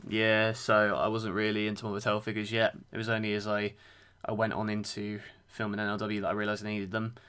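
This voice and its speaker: A man's voice: lowish voice, monotone, brisk, fairly bright tone, smooth. A man co-hosting a wrestling podcast, chatty and eager, thinking aloud as he talks. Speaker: podcast co-host. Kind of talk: casual chat.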